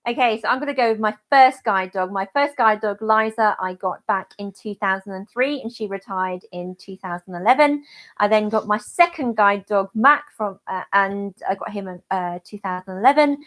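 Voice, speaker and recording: A woman's voice: medium pitch, a bit bright. Chatty British woman livestreaming. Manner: chatty, restarts and fillers, laughs often. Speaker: channel host, guide dog user. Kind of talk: casual livestream chat.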